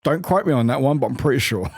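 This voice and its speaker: Man, game streamer, casual rambling chat, lively swooping pitch, frequent laughter, faint music behind. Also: husky, no echo, clean studio sound. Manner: animated, rambling, laughs often, swears casually.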